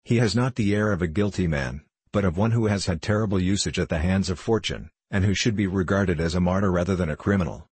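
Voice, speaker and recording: A man reading a story aloud in a measured, even narration with a husky voice. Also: sits low, no echo. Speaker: audiobook narrator. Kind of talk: scripted narration.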